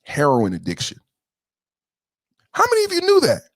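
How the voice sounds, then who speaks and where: A man hosts a political livestream, his voice sitting fairly high and recorded dry and close with no room sound. He scolds his chat with profanity and hammers points through repetition. He swings between loud outbursts and low, bitter asides. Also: huge pitch swings, moderate pace, dry recording. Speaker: podcast host.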